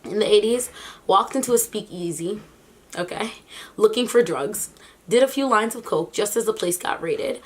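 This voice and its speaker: A woman vlogger giving casual reaction commentary, animated and incredulous, often breaking into laughter between remarks. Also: medium pitch, normal speed.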